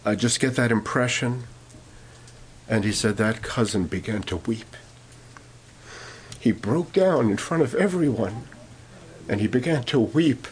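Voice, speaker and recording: A man's voice: mid-range voice, darkish tone, slight background noise. A man preaching a sermon, telling a story with many fillers and restarts, then rising to emphatic points.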